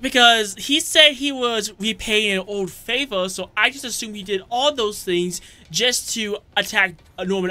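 A man giving gameplay commentary, excitable and shouting jokes at the enemies. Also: sits high. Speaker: let's play gamer. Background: game music.

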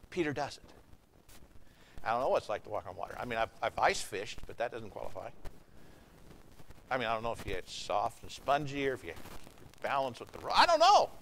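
A man preaching a sermon in a church service, folksy and conversational, swinging from hushed lines to loud ones. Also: medium pitch, slight background noise, low-quality recording. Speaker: pastor.

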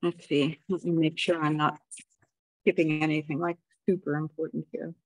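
A woman speaker gives a public history lecture in a relaxed, conversational way. Her voice sits somewhat low, and she wanders into asides and fillers while walking listeners through old documents. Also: moderate pace, no echo. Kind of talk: public history talk with slides. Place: lecture room of a historical society.

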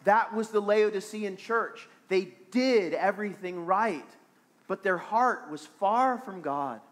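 A man's voice: high-pitched, slow pace. A man preaching a sermon as pastor of a small church, earnest and repeating phrases for emphasis.

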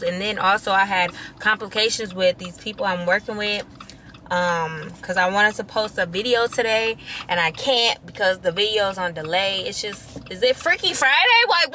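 A young woman vlogs straight into her phone camera, exasperated and venting, cursing freely. Her voice is bright and clear. Some faint background noise sits underneath. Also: mid-range voice. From Wisconsin. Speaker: vlogger. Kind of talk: casual vlog chat.

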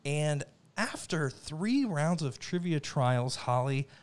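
A man's voice: on the high side, lively intonation, takes it slowly. Playful mock-formal game show host man.

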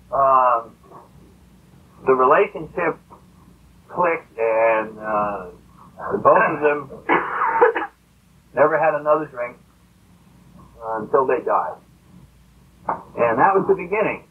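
A man's voice: mid-range voice, animated, unhurried, long pauses, a little hiss or hum. A man telling a story to a recovery meeting in a rambling, conversational way with many fillers. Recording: tinny lo-fi old tape.

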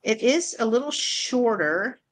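A woman's voice: a little high, lively intonation, unhurried. A woman hosting a live online sale, chatting casually and counting down bids in an upbeat way. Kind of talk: live selling chat.

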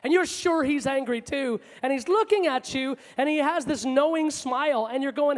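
A man preaching a sermon with passion, moving between loud outbursts and hushed asides, in a large church hall. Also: very high voice, moderate pace, few pauses. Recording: long hall reverb.

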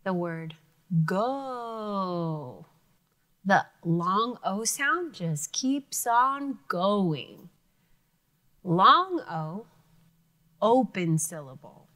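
Slow, lively-voiced woman teaching phonics. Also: mid-range voice. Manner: slow, careful sounding out of words. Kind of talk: elementary phonics lesson.

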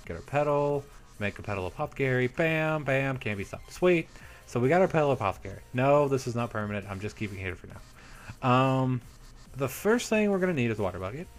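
A man's voice: medium pitch, sing-song, fairly quick. A young man hosting a let's play, chatting casually to viewers about what he is doing in the game. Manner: chatty, upbeat, talks to viewers while playing. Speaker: Minecraft let's play host. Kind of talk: casual gameplay commentary. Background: soft background music.

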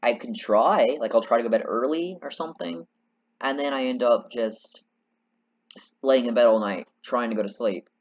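A man's voice: mid-range voice, normal speed, lo-fi sound. A man giving casual, rambling and self-deprecating commentary while playing a game. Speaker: let's play gamer. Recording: synth game music behind. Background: synthesizer music.

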